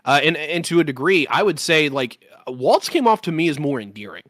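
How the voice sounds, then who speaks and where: A man's voice: fairly high pitch, big pitch swings, fairly quick, a bit bright, no echo. A man on a political talk show panel who speaks bluntly and curses casually, often restarting his sentences. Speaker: regular panelist.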